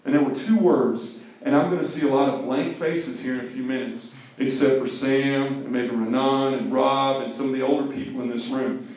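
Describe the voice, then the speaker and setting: A middle-aged man from Mississippi giving a lively, joking talk to teenagers, acting out movie scenes. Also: mid-range voice, moderate pace. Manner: animated, jokey, acts out movie scenes and sings snatches. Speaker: speaker to a teen group. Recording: echoey hall from far off.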